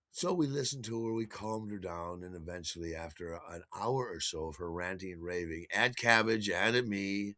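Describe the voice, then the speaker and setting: A man's voice: on the low side, bright, forceful tone, no room sound, studio quality. A man hosting his own show, telling a story casually in a rambling way with frequent chuckles and repeated words. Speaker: podcast host.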